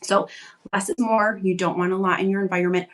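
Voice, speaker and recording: A woman's voice: mid-range voice, steady tone, brisk. Chatty woman coaching parents. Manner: conversational, reassuring, frequent "like" fillers. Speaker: parenting coach answering viewer questions. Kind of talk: casual live Q&A advice. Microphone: live video stream.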